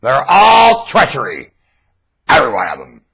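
A man with a husky voice, rambling aloud to his viewers in a webcam monologue. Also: medium pitch, wildly swooping pitch, moderate pace, fairly bright tone, rough recording. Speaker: vlogger.

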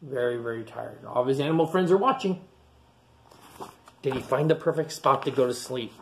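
A man reading a picture book aloud to children in an animated way, breaking into funny animal voices. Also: mid-range voice, moderate pace, vocal fry. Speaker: children's storytime reader.

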